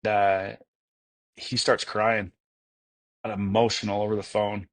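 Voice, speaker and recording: A man's voice: fairly low pitch, level tone, slow pace. A man telling stories as an interview guest, enthusiastic and rambling, with many fillers and restarts. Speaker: guest, entrepreneur. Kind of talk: casual interview storytelling.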